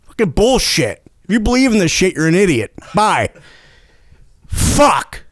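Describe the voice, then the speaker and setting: A man hosting a comedy show whose high voice swings widely as he rants, foul-mouthed and excitable. He stumbles and repeats himself, and the sound is dry and close. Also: unhurried, no echo. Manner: profane, excitable, stumbling over words. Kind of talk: rambling comedic rant.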